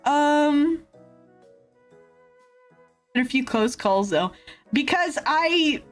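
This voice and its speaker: A woman streamer chatting casually with viewers, rambling with fillers and laughs and swinging between excited yelps and low grumbles. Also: extremely slow. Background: faint background music.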